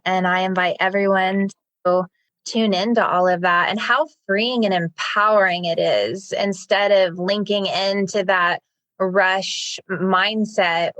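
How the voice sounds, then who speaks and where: A woman's voice: on the low side, fairly bright tone, dry recording. A woman hosting a spiritual wellness podcast, talking in a gushing, affirming way. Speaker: podcast host.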